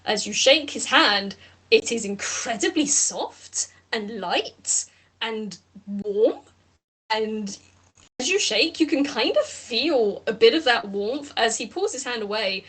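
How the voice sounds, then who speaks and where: A woman narrating as game master of a tabletop role-play, rambling and animated, with casual swearing. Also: on the high side, slow, slightly rough.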